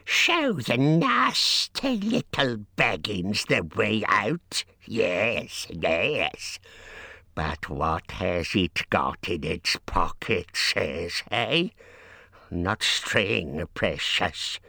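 A man voicing Gollum, a slimy wicked cave creature who hisses and wheedles in a gravelly, very slow voice with wild swoops in pitch. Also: big pitch swings, sharp tone, dry recording, clean studio sound, heavily acted. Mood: wheedling.

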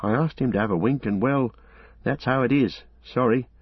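A man's voice: medium pitch, moderate pace, breathy edge, no echo, dull audio, voice pushed up, close to an everyday voice. A man voicing a loyal, blunt male servant with homely, plain-spoken talk. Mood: apologetic. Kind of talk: audiobook character voice.

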